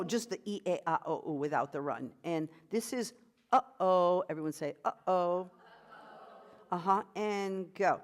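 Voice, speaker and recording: A woman vocal coach who takes her time, leading a workshop at an unhurried pace. She cheers the group on and breaks into quick sung demonstrations of each sound. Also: on the low side.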